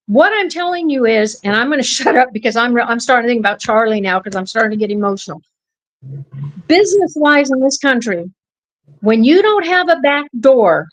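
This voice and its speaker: A woman's voice: high-pitched, no echo, rough recording. A woman co-hosting a podcast, ranting fiercely and swearing as she talks straight to listeners. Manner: fiery, ranting, swears, addresses listeners as folks. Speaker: podcast co-host. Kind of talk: impassioned podcast talk.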